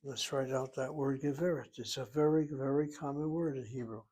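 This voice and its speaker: Male grammar teacher, husky voice, patient step-by-step explainer. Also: medium pitch, steady tone, normal speed, a little mellow. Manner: methodical, explains word by word and letter by letter. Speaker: Hebrew teacher. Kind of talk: grammar lesson.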